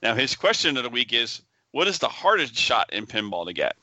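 A man's voice: mid-range voice, very animated, brisk, bright, forceful tone, no echo, dull audio. A man hosting a casual pinball podcast, teasing his co-host and gloating with enthusiasm.

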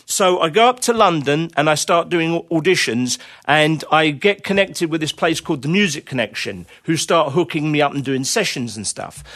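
A man's voice: on the high side, animated, moderate pace, hardly any pauses, fairly bright tone. Chatty man spinning rambling anecdotes. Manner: rambling anecdotes with many fillers and laughter. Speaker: interview guest, drummer. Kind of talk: casual conversational storytelling.

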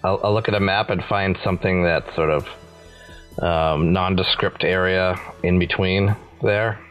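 A man with a very low voice talks through his plans as a player in a tabletop role-playing game. He is relaxed and laughs easily, with faint music in the background. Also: a little slow. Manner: laid-back, chuckling scheming.

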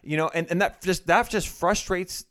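A man co-hosting a casual movie podcast, opinionated and animated, swinging between low asides and loud exclamations. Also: moderate pace. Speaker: podcast co-host.

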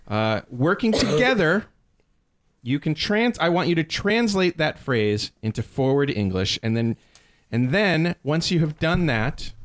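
A man hosting a casual group podcast, explaining a game in a lively, rambling way with frequent restarts. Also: medium pitch. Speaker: podcast host.

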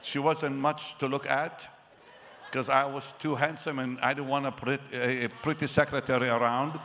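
A man in his seventies preaching a sermon, telling his story with animated delivery and acting out conversations. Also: mid-range voice, normal speed, slight background noise. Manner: animated storytelling, acts out dialogue. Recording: long reverb of a large hall.

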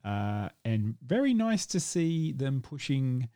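This is a man hosting a relaxed film podcast. His pitch swings up and down a lot, and he jokes constantly, often trailing off into laughter. His voice sits in the middle of the range for a man. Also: slow pace. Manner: animated, joking, trailing off into laughs. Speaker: podcast host. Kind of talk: casual chat.

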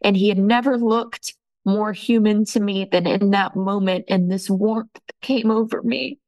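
A woman telling her own story of a painful relationship, halting and emotional, with frequent restarts. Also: medium pitch, steady tone, darkish tone, low-quality recording. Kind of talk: personal testimony.

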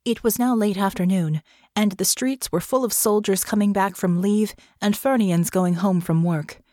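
A woman giving scripted fantasy narration for an audiobook in a measured, steady way. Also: medium pitch, no room sound, clean studio sound.

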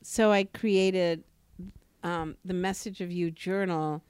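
Podcast co-host, female, low-pitched, dry close sound, animated storyteller. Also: slow, clean tone, dry recording. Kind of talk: casual podcast conversation.

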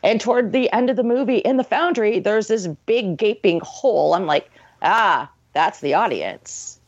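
A woman's voice: fairly high pitch, normal speed, darkish tone, no echo. Woman co-host tearing into a film, sweary and scornful, lo-fi dry podcast audio. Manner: ranting, profane, mocks scenes in put-on voices. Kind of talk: casual podcast film review. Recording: dry, dull lo-fi sound.

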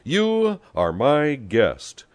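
A man voicing a brash, hot-tempered man who shouts and blusters in a storybook reading. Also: lowish voice, big pitch swings, normal speed, no echo, voice pushed up. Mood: blustering. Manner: shouting, forceful.

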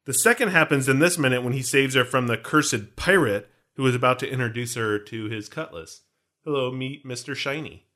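A man's voice: mid-range voice, brisk, hardly any pauses, bright, forceful tone. A man co-hosting a podcast, chatting casually and joking, rambling from point to point and dropping pop-culture references. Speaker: podcast co-host. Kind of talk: casual chat.

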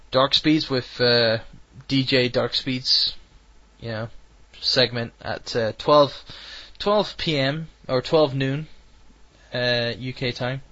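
A radio host talks his way through the end of his show in a slow, loose, chatty ramble. His voice has a bright, pushing edge and sits close and dry. The recording is a little dull and lo-fi. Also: mid-range voice, no echo. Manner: rambling, self-correcting, chatty. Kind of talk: casual radio sign-off chat.

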